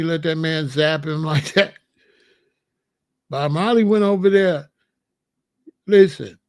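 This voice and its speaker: High-voiced guy, aave, preachy and in your face, dry close sound. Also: dry recording. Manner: confrontational, repeats questions, preachy. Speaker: host answering a viewer. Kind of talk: live-stream commentary.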